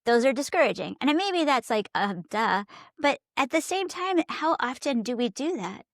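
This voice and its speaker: A woman's voice: high-pitched, moderate pace, dry recording, clean studio sound. A woman co-hosting a parenting podcast who tells stories with energy, acting out quotes and laughing often. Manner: animated storyteller, acts out quotes, laughs often. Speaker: podcast co-host. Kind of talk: casual parenting chat.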